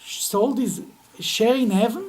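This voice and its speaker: A man's voice: extremely high pitch, slow pace, a little mellow, slightly rough, pitched above the performer's own voice, full character voice, low-quality recording. A man doing an indignant, strong-willed wife. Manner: indignant, commanding.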